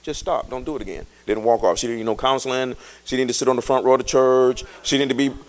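A male pastor preaching a sermon in a colloquial, joking way, swinging from quiet talk to shouting. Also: medium pitch, level tone, fast talker. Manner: colloquial, jokes with the congregation.

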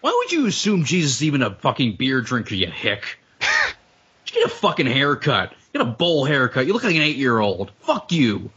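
A man's voice: medium pitch, wildly swooping pitch, normal speed, a bit bright, breathy edge, highs cut off. A man co-hosting a casual podcast chat, ranting with lots of swearing and frequent laughter. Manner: profane, ranting, laughs often. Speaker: podcast co-host.

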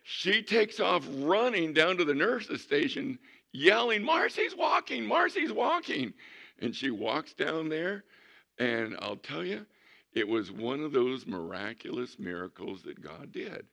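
Male pastor, sermon storyteller; gravelly, forceful, animated delivery. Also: medium pitch, a little slow. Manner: animated storyteller acting out quotes.

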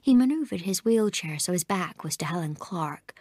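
A woman reading a novel aloud, often dropping into a soft, whispered delivery. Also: lowish voice, expressive, moderate pace, hardly any pauses, no room sound, studio quality. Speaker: audiobook narrator.

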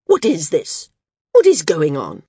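A fierce woman flyer, indignant and forceful, protesting an unfair ruling in a storybook reading, as a woman reads her. Her voice is husky and low, dry and close. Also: big pitch swings, slow pace, no echo, heavily acted.

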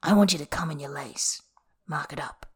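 A tender but commanding man who murmurs his orders low and close, as a woman narrator voices him. The voice is soft and whispery, low in pitch, in a whispered role-play reading. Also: steady tone, brisk, breathy edge. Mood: murmuring. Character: commanding, tender male lover.

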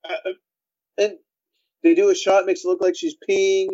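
A man's voice: high-pitched, little pitch movement, moderate pace, dark tone, dull audio. A man co-hosting a casual film podcast, laughing often and breaking into wry, jokey asides. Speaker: podcast co-host. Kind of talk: casual chat.

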